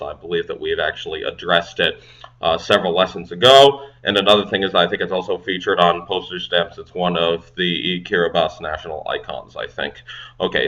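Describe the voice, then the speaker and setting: A man hosting a casual language-learning video, sounding out foreign phrases slowly and then explaining them in quick, offhand asides. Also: deep voice, bright, forceful tone. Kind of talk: casual self-study language lesson.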